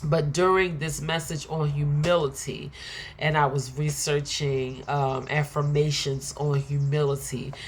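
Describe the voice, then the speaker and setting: Slow, low-voiced Philly woman giving affirmations. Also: a little hiss or hum. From Philadelphia. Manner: emphatic, repetitive, preacher-like. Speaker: motivational speaker. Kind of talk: motivational affirmation talk.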